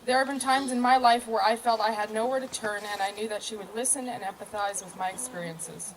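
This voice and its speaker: A woman's voice: fairly high pitch, steady tone, brisk, slight background noise, low-quality recording. A woman in her thirties, an older sister, reading a prepared graduation speech at a community gathering. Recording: crowd audible in background.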